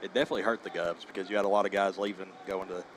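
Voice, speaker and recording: A man's voice: deep voice, fairly even intonation, racing, slight background noise. A man chatting easily on a pregame football broadcast. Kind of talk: pregame sports commentary.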